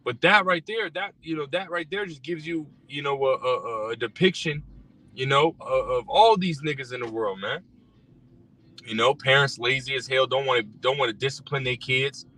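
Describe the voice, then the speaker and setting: Faint car noise surrounds a distant mic as a rideshare driver bluntly and profanely rants about scripture, heavy with fillers and repeats. The casual religious rant comes in a sharp, mid-range voice at a moderate pace.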